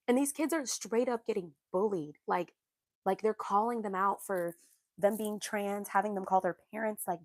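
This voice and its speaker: A woman's voice: medium pitch, unhurried, no room sound, studio quality. A young woman from the United States, hosting a livestream and ranting about society in a heated, emphatic way, repeating phrases to drive her points home. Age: young adult. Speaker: livestream host.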